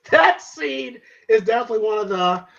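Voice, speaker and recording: A man's voice: very high voice, measured pace, creaky. A man casually retelling a film scene on a podcast, laughing and swearing as he goes. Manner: animated, laughing, acts out lines in shouts. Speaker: podcast co-host reviewing a film. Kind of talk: casual profane chat. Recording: dull lo-fi sound.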